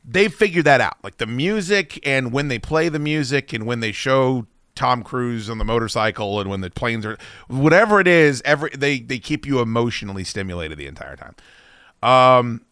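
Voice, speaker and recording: A man hosting a casual podcast, telling stories in a loose, profane way and acting out quotes loudly. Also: medium pitch, moderate pace, dry recording, clean studio sound. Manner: animated, swears a lot, acts out quotes loudly. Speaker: podcast host.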